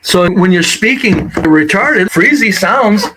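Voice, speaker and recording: A man's voice: high voice, lively intonation, slow pace. A man co-hosting a casual podcast chat, talking bluntly and profanely with firm opinions. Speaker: co-host. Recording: noisy audio.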